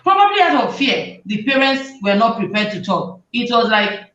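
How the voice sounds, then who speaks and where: A woman, hosting a talk show and giving lively advice to parents, often acting out what parents and children say. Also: mid-range voice, normal speed, few pauses. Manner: animated, acts out parents' and children's lines. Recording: roomy, distant, dull sound.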